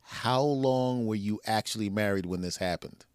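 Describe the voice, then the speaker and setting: A man's voice: fairly low pitch, moderate pace, smooth, no echo. A man hosting a podcast, chatting casually and joking with his guest. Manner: joking, laughs often. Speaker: podcast host. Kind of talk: casual interview chat.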